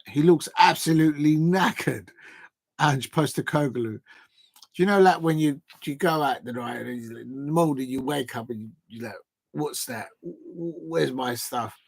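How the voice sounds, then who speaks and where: A man's voice: fairly high pitch, no echo. A man hosting a live football transfer show, chatty and hesitant, with lots of fillers as he reads out quotes.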